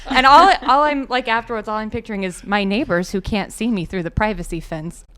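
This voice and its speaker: A woman telling a funny story in casual chat, animated and acting out her own pleading and yelling. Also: mid-range voice, brisk, smooth. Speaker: podcast guest.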